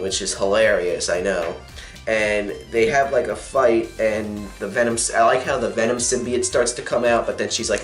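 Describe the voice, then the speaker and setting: A young man with a fairly low, steady voice talks at a moderate pace while casually reviewing a comic. He rambles through a plot recap full of fillers and restarts, recorded in an echoey room with faint music.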